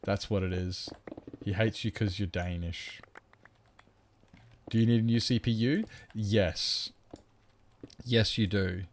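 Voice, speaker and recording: A man's voice: on the low side, steady tone, slow pace, pauses often, slight background noise. A man streaming a survival game, chatting casually, reading chat aloud and drifting into mock-grand asides.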